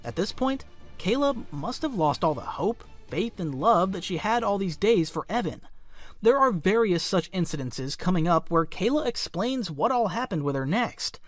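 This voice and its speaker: A man's voice: high voice, very animated, moderate pace, faint music behind. A man reading scripted narration for a commentary video with a dramatic, emphatic delivery.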